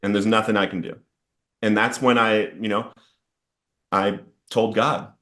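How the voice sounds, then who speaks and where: A man's voice: on the low side, level tone, unhurried, fairly bright tone. A man sharing an earnest, emotional personal testimony about addiction and recovery as a podcast guest. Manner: earnest, storytelling with rising intensity in quoted outbursts.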